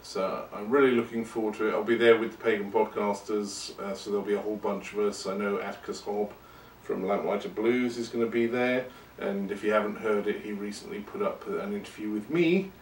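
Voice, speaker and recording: A man's voice: lowish voice, a little fast, few pauses, a little hiss or hum. A man hosting a podcast, talking in a rambling, casual, self-deprecating way. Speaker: podcast host. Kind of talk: casual monologue. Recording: roomy and distant from the mic.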